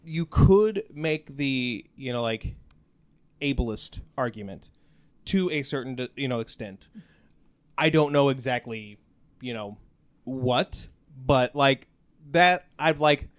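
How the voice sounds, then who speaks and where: A man's voice: medium pitch, animated, unhurried. A man hosting a podcast in casual chat, rambling with lots of fillers. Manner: rambling, lots of "like" and "you know". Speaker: podcast host.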